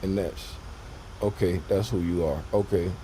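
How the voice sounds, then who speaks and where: A man's voice: low voice, steady tone, a little slow, dark tone, a little hiss or hum. A man, talking loosely and repeating himself as he walks viewers through a trading lesson on screen. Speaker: trading educator.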